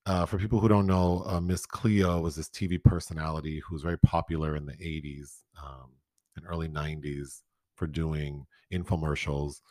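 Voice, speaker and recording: A man with a low voice talks through a documentary in casual chat. He is frank and opinionated, swearing now and then. The sound is dry and close, with no room echo. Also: level tone, moderate pace, warm tone. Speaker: podcast co-host. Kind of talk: casual chat reviewing films.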